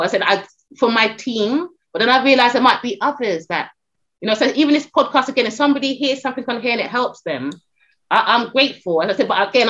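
Animated woman telling stories on a podcast. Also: on the high side, muffled recording. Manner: animated, storytelling, many restarts and fillers. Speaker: talent agent and podcast guest. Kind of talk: casual podcast chat.

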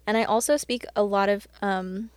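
A woman's voice: medium pitch, fairly even intonation, normal speed, clean tone, dry recording. Chatty woman giving casual faith talk. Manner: chatty, full of "like" and "you know"; earnest and encouraging. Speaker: Christian podcast host.

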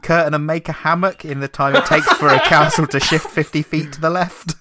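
A man's voice: a little high, fairly even intonation, brisk, very noisy. A man playing a tabletop game, wry and mischievous as he plans his move. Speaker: player. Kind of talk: casual tabletop game chat.

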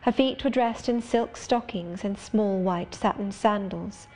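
A woman narrating an audiobook of a classic novel, in clear, steady storytelling. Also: mid-range voice, measured pace. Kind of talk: scripted narration.

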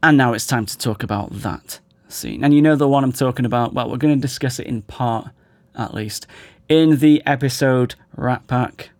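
A man hosting a podcast who is losing his voice, giving wry, animated analytical commentary. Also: mid-range voice, no room sound. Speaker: podcast host.

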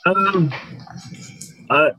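A man being interviewed as a guest, telling casual stories and acting out the people he quotes in a higher, louder voice. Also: extremely slow, poor audio. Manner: animated storyteller, jumps higher and louder when quoting people. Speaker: guest, sports PR consultant.

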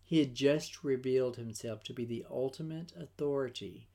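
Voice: medium pitch, normal speed, dark tone. A Bible study teacher giving a scripted devotional lesson in an earnest, emphatic way, with a few restarts.

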